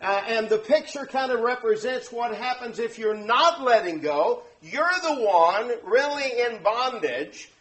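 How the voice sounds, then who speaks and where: A man's voice: extremely high pitch, expressive, unhurried, few pauses, fairly bright tone. A man preaching a morning lesson, earnest and explanatory, stressing key words. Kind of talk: sermon lesson.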